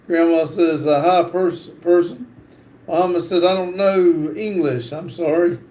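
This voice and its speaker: A man hosting a livestream, reading chat comments aloud in a halting way with fillers and restarts. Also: fairly high pitch, steady tone, warm tone. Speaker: livestream host.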